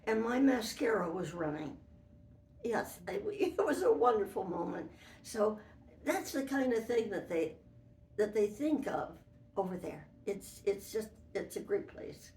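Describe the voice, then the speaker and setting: A woman's voice: mid-range voice, lively intonation, a little slow, a little mellow, slight background noise. Older woman reminiscing, distant and roomy. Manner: rambling and anecdotal, with restarts. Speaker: interviewee, former model for an animated fairy. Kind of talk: reminiscing interview. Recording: roomy, from away from the mic.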